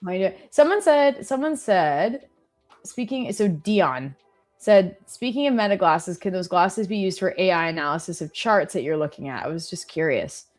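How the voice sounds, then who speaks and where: Young woman on a trading stream, lowish voice, rambly chatty storyteller, faint music behind. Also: expressive, moderate pace, darkish tone. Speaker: live trading stream co-host. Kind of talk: casual chat.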